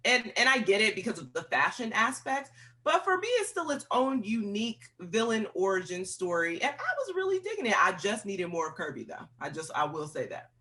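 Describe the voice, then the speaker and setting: A sassy film critic talks in a bright, forceful voice that leaps up and down in pitch. The speech is expressive and full of playful asides. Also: fairly quick. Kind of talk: roundtable movie review chat.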